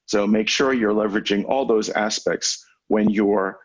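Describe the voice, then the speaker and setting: A man coaching lawyers on public speaking in a webinar over a video call, teaching in a measured, conversational way with deliberate pauses. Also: on the low side, fairly even intonation, rough recording. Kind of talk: webinar lecture. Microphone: video call microphone.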